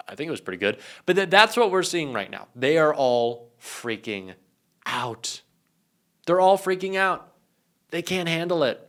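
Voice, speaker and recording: A man's voice: fairly high pitch, fairly bright tone. A young man giving emphatic, indignant political commentary.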